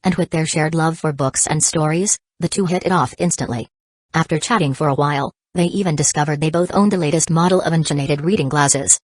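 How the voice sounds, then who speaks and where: A woman narrating a fantasy audiobook in an even, measured reading. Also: sits low, no room sound. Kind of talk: scripted narration.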